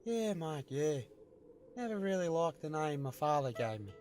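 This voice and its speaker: A man with an Australian accent voicing a friendly, laid-back bushman drifter in an animated show, easygoing and casually swearing. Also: fairly high pitch, normal speed, soft background music.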